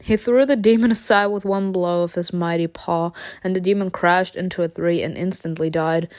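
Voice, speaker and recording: A woman reading an interactive story game aloud, narrating dramatically and breaking into giggles and excited comments. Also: on the low side, moderate pace, no echo, clean studio sound.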